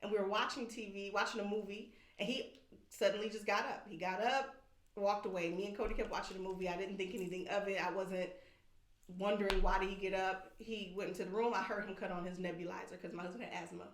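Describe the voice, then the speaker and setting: A woman's voice: mid-range voice, fast. A woman, a podcast guest, candidly telling an emotional personal story and acting out what others said. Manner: candid, animated, acts out quoted voices. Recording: echoey room.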